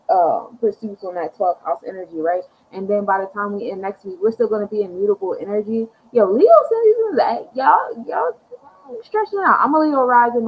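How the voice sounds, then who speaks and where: A woman's voice: medium pitch, a little mellow, slight background noise, poor audio. Slangy upbeat woman hosting astrology. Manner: slangy, upbeat, laid-back. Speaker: astrology podcast host. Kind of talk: casual chat.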